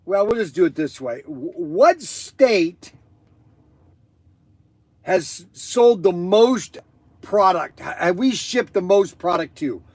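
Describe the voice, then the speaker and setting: A man hosting a live stream in casual chat, rambling and excitable with many fillers. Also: sits high, slow pace, no room sound.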